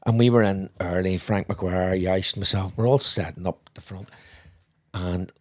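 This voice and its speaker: A man's voice: deep voice, steady tone, unhurried. A man co-hosting a podcast, telling rambling anecdotes in casual chat and swearing freely. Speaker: podcast co-host, father.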